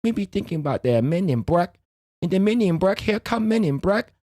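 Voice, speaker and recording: A man's voice: sits high, animated, normal speed, dark tone, no echo, studio quality. A man putting on a crude, rambling middle-aged immigrant dad who speaks broken English and tags lines with "lah". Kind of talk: comedic character monologue on stream.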